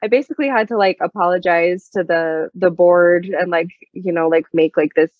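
Low-voiced chatty woman, lo-fi. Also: normal speed, no echo. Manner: chatty storyteller, many fillers. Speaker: guest singer-songwriter. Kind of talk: casual interview chat. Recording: dull lo-fi dry sound.

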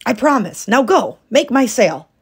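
A pushy, demanding sail maker husband from a storybook, as a woman reading aloud puts him on. He speaks raised and urgent in a pitched-up, gravelly voice that leans on every order. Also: big pitch swings, moderate pace, a little mellow, heavily acted. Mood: commanding.

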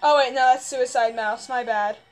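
A young woman with a very high, piping voice narrates her gameplay in a frantic, panicky rush, going hoarse from all the yelling. Faint music plays quietly behind her. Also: fairly even intonation, moderate pace. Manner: panicked screaming and rambling. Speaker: gamer. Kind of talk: gameplay commentary.

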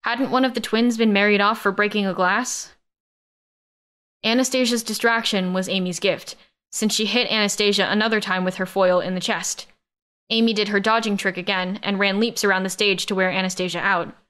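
Reading a science-fiction romance audiobook in the first person, a woman narrates at a moderate pace with a smooth, medium-pitched voice. Her storytelling stays steady and even.

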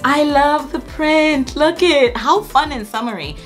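A young woman chatting through a haul unboxing, gushing and exclaiming with excitement. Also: sits high, unhurried, few pauses, soft background music. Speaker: haul vlogger. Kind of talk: casual unboxing chat.

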